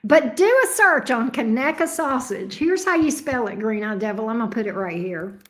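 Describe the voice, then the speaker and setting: A woman's voice: fairly high pitch, lively intonation, normal speed. A Southern woman from Alabama hosting a live stream, chatting casually and rambling as she reacts to viewer comments. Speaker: tarot reader and live stream host.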